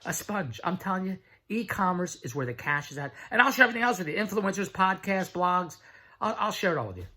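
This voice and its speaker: A middle-aged man giving a blunt, pushy sales pitch straight to the camera, repeating his slogans and swearing freely. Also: big pitch swings, quick pace, sharp tone. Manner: blunt, pushy, repetitive hard sell with profanity. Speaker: online business promoter.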